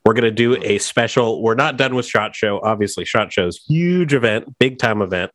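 A man's voice: lowish voice, normal speed, fairly bright tone, dry recording. A man hosting a podcast in casual chat, joking and bantering with his co-host.

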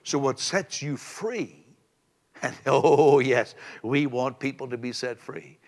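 A man pastor preaching a sermon, swinging from loud emphasis to soft, low asides. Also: slow, in a large hall.

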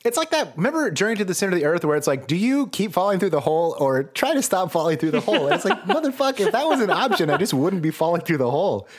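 Brief: husky male podcast co-host, lively pitch, mock-dramatic gamebook reading. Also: fast talker, few pauses. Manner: animated, swearing, mock-dramatic. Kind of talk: comedic read-through with commentary.

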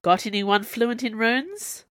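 A woman voicing a measured, curt middle-aged male professor in an audiobook. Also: fairly high pitch, expressive, a bit bright, no room sound, studio quality, pitched above the performer's own voice.

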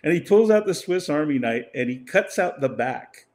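A man's voice: fairly high pitch, expressive, moderate pace, a little mellow. An older man telling a rambling story in casual conversation, laughing often and acting out what other people said. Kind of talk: casual anecdote.

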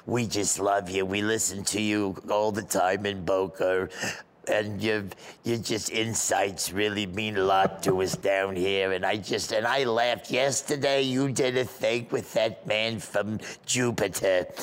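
A man voicing an elderly woman who calls a radio show, rambling and sweetly flattering in a halting way. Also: lowish voice, pitched below the performer's own voice, lightly acted. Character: chatty elderly woman caller, gushing and fussy. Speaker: prank radio caller.

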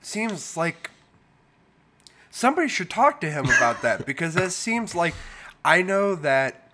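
A man's voice: fairly high pitch, very animated, unhurried, background noise. A man co-hosting a podcast, chatting casually and making dry, wry remarks. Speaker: podcast co-host. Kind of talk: casual chat.

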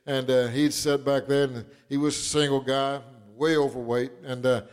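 A pastor, telling folksy stories with chuckles and building into fervent preaching. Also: male voice, mid-range voice, little pitch movement, moderate pace, smooth. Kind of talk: sermon.

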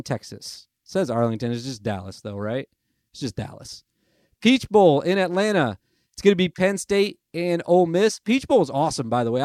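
A man's voice: fairly high pitch, clean tone, no room sound, clean studio sound. A young man hosting a casual sports podcast, rambling and chatty, amusing himself as he goes. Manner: chatty, rambling, self-amused. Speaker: podcast host. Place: lives in Nashville.

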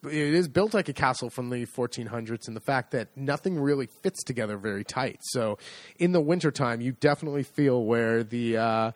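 A man's voice: mid-range voice, animated, a little fast, dry recording. A middle-aged American man chatting casually as co-host, rambling and self-deprecating, with many restarts. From United States. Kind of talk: casual chat.

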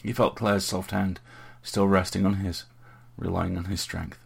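Reading an audiobook in a measured, even manner, this male narrator has an extremely deep voice. It sounds gravelly, husky, and rough-grained.

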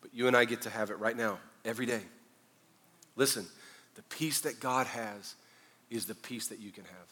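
A man's voice: mid-range voice, normal speed, long pauses, pushed and bright, big-room sound. A male pastor preaching a sermon, mixing conversational asides and self-deprecating humor with mounting fervor.

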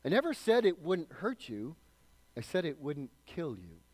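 A man's voice: a little high, huge pitch swings, moderate pace, in a large hall, voice pushed up. A man voicing a fiery male angel in a firm, plain way while reading a story aloud in a sermon.

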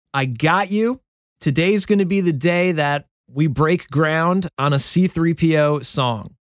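A man hosting his own songwriting show, thinking aloud about a new song in a relaxed, self-deprecating way. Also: on the high side, clear, resonant tone, no echo, studio quality. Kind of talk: casual talk about songwriting. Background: guitar playing.

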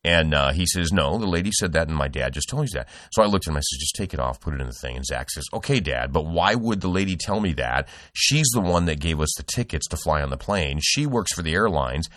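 A man's voice: extremely low pitch, animated, fast talker, few pauses, fairly bright tone, no room sound, studio quality. A middle-aged man hosting a podcast, telling a rambling, profane story with lots of restarts. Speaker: podcast host. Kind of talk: casual podcast chat.

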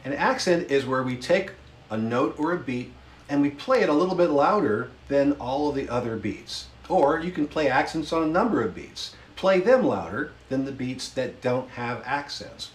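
A man's voice: medium pitch, lively intonation. A man teaching a beginner music lesson, counting beats patiently and explaining time signatures. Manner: slow, patient counting along while strumming. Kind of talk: instructional lesson with demonstrations. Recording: roomy sound with instrument playing.

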